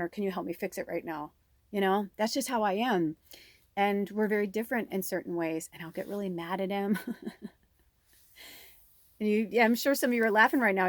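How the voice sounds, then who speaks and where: A woman's voice: on the low side, no echo, clean studio sound. A middle-aged woman giving a casual spiritual card reading, chatty and frank, swearing now and then and acting out quarrels. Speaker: tarot reader.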